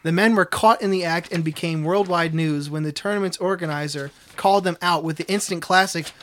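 Podcast co-host, man, high-pitched, dry delivery while reading out news items. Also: fairly quick, a bit bright, a little hiss or hum. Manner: dry, reads news stories aloud. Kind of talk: casual chat.

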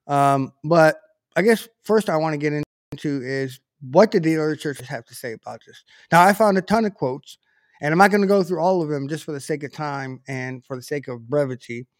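A man's voice: on the high side, normal speed, no room sound, studio quality. A man giving an informal Bible teaching, talking conversationally with frequent restarts and self-corrections.

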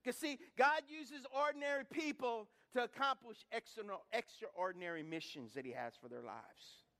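A man's voice: very high-pitched, animated, moderate pace, fairly bright tone. A man preaches a sermon. He is folksy and emphatic and keeps repeating phrases. He sounds middle-aged. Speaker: pastor.

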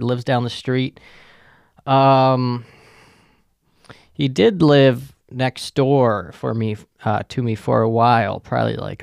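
A man's voice: mid-range voice, gravelly, no room sound, clean studio sound. A man with a profane, sarcastic manner, rambling through a casual solo rant as a podcast host.

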